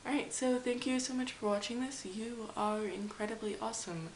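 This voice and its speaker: A young Canadian woman vlogs to camera from her game room, rambling, poking fun at herself, and often dropping into a whisper. Her voice is fairly high at normal speed, picked up by a camera mic in an echoey room with faint hiss.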